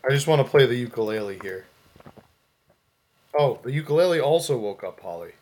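A man's voice: mid-range voice, lively intonation, fairly quick, darkish tone. A man co-hosting a podcast, playing a text adventure and reading its game text aloud with amused asides. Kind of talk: casual play-through with read-aloud game text.

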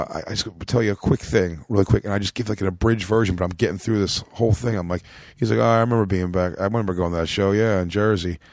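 On a podcast, a comedian with an American accent spins a long backstage story, rambling and swearing and raising his voice to act out quotes. His voice is lowish and a little mellow, recorded dry with clean studio sound.

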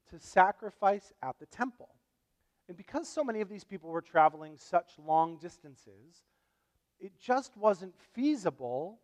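A man preaching a sermon as pastor, conversational and animated, with casual asides to the congregation. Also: high voice, highs cut off. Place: church. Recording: long reverb of a church hall.

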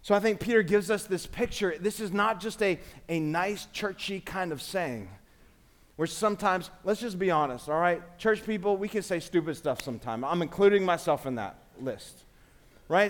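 Pastor, male, 40s, high voice, casual preaching style that calls on the congregation. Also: expressive, moderate pace. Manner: conversational preaching with call-and-response. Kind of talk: sermon. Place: church sanctuary.

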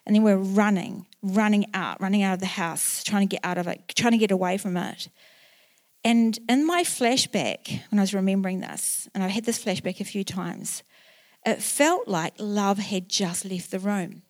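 A woman's voice: mid-range voice, normal speed. A woman in her sixties with a New Zealand accent, preaching a sermon in church and telling a personal story earnestly, with emotional rises. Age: 60s. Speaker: pastor.

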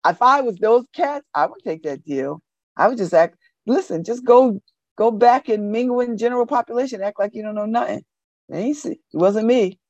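A woman's voice: fairly high pitch, moderate pace, a little mellow, dry recording, dull audio. A woman hosting a community radio show, giving casual, slangy commentary that repeats phrases for emphasis and breaks into laughter.

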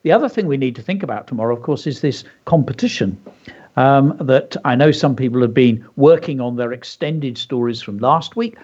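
A man's voice: medium pitch, expressive, fairly quick, a little mellow, husky. A man hosting a children's radio lesson, reading his story aloud with enthusiastic, chatty asides. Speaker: teacher and radio show host. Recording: dull lo-fi radio audio.

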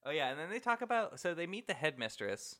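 Young male podcast co-host, bright and expressive, casual movie banter with frequent laughs. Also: fairly high pitch, quick pace. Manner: animated, laughs often, quotes characters.

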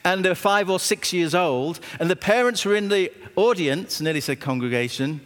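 A man, a pastor preaching a sermon with stories and emphatic repetition, slowing down when he quotes scripture. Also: high-pitched, animated, fairly bright tone. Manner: anecdotal, emphatic, slows down on scripture. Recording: long reverb of a hall.

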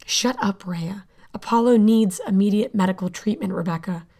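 A woman's voice: mid-range voice, a little fast, mellow, lightly acted. A woman playing a desperate, defiant young woman. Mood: urgent, pleading.

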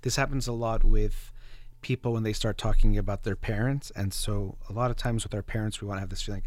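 Male therapist host, low voice, earnest explainer, dry close mic. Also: fairly even intonation, quick pace, no echo. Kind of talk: casual conversation.

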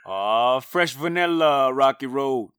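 A man's voice: mid-range voice, animated, takes it slowly, a loud crowd. A man chatting casually, telling stories in a hesitant way with many fillers. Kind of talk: casual chat.

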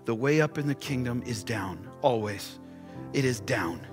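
A man's voice: medium pitch, lively intonation, a little slow. A man preaching as a pastor, giving an impassioned altar call full of repeated rhetorical questions. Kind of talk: sermon. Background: soft music playing.

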